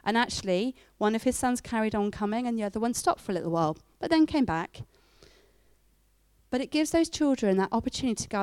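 A middle-aged woman giving a church talk, telling stories with lively acted-out quotes. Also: a little high, quick pace, dry recording. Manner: animated storytelling with acted-out quotes. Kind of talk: sermon.

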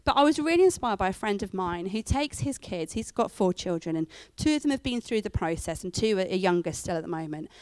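A middle-aged woman giving a church talk, telling stories with lively acted-out quotes. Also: fairly high pitch, dry recording. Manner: animated storytelling with acted-out quotes. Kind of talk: sermon.

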